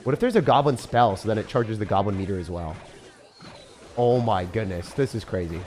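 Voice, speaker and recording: A young man giving casual, excitable gameplay commentary, often breaking into disbelief and calling the listener dude or bro. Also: lowish voice, brisk, slight background noise. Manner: excitable, frequent disbelief outbursts, calls viewers dude and bro. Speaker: gaming creator.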